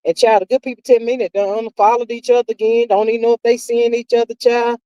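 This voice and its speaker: This low-quality recording, with no room sound, captures a woman hosting a live stream where she reads viewer comments and gossips casually. Her voice is high-leaning yet dark, fast and level in tone, and she drawls sassily, calling everyone child and honey.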